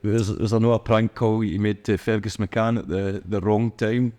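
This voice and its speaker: Man, lowish voice, co-host, short casual interjections. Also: steady tone, normal speed, mellow.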